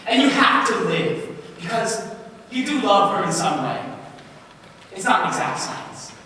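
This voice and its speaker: A man's voice: high voice, very animated, unhurried, sharp tone, very echoey, big-room sound, full character voice. Guy playing a rambly wistful middle-aged man talking to the crowd, far off mic, lots of audience noise. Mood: rueful. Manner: rambling, confiding, rueful. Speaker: stage actor. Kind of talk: live stage musical acting. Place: theatre stage.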